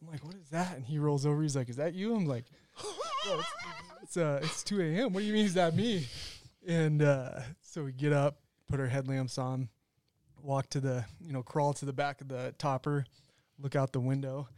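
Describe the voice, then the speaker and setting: Relaxed man, guest on a podcast. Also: medium pitch, normal speed. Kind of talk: casual chat.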